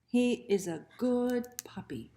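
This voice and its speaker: Slow, gentle woman reading a picture book. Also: on the high side, lively intonation. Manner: gentle, soft-spoken, talks to children with questions. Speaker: children's librarian.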